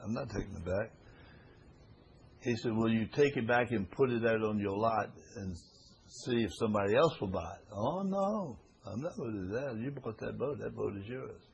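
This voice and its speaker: A man's voice: fairly low pitch, animated, normal speed, vocal fry, lo-fi sound, a little hiss or hum. A man teaching a Bible study class to a small group, reading scripture aloud and explaining it in a folksy way, often repeating phrases for emphasis.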